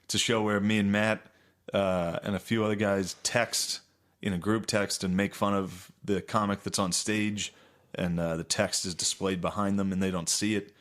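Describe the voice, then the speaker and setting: A young man co-hosting a comedy podcast, teasing his co-host in a dry, deadpan way and swearing casually. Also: fairly low pitch, moderate pace.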